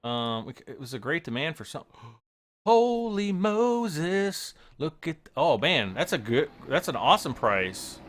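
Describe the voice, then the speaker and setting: Giggly and prone to cracking up, a game streamer chats his way through a farming game on livestream, rambling and often losing his train of thought. He has a mid-range, slightly rough voice with a sharp tone, animated at a moderate pace with few pauses.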